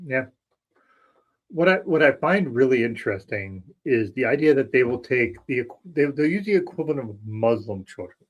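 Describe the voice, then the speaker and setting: A man co-hosting a podcast in casual chat, animated and laughing often as he wanders onto tangents. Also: mid-range voice, moderate pace, dull audio. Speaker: podcast co-host.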